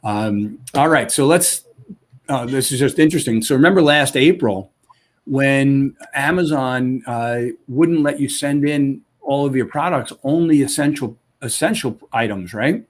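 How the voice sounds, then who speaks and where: A man giving an enthusiastic sales pitch on a live webcast, talking in punchy lists over a video call. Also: unhurried. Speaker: company founder pitching to sellers.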